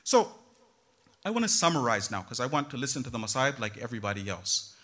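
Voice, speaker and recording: Woman preaching to a crowd, super animated, bright forceful voice, keeps throwing in asides. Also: a bass voice, fast. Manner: animated, talks straight to the audience with frequent asides. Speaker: religious lecturer. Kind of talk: lively religious talk to a gathering.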